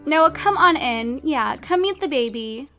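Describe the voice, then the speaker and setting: Bubbly high-voiced woman narrating a game. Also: animated, a little slow, a bit bright, soft background music. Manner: bubbly and giggly, gushing over cute things. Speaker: let's play host. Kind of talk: casual gameplay commentary.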